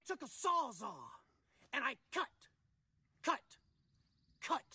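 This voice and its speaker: A man's voice: very high voice, animated, slow, sharp tone, dry recording, studio quality, heavily acted. A man playing a taunting, boastful redneck crook in a comedy sketch. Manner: taunting, drawling, mocking. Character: hillbilly Joker, boastful petty thief.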